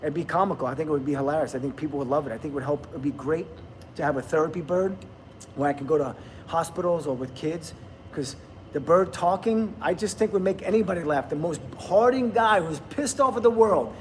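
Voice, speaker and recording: A man's voice: on the high side, a little fast, a little hiss or hum. A middle-aged man, hosting a casual livestream, chatting, laughing and reading viewer comments aloud. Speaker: livestream host.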